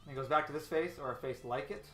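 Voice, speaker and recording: While working on his storyboarding stream, an artist chats at a quick pace in a medium-pitched, slightly bright voice, rambling and laughing frequently. Faint music sounds in the echoey room.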